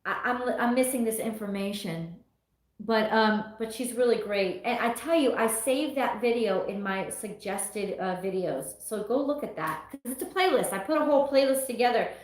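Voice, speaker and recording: A woman's voice: fairly high pitch, expressive, moderate pace. A middle-aged woman hosting a tarot livestream, chatting casually and reading viewer comments aloud with frequent laughs. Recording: echoey room.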